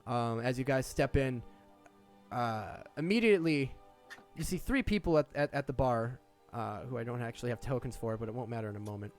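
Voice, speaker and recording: A young man narrating a tabletop game as game master, rambling with many pauses and restarts. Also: mid-range voice, darkish tone, faint music behind.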